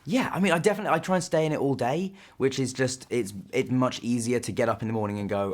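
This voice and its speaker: A man's voice: mid-range voice, fast talker, few pauses. A young man in his twenties, an actor chatting in a press interview, rambling with many fillers and restarts. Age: 20s.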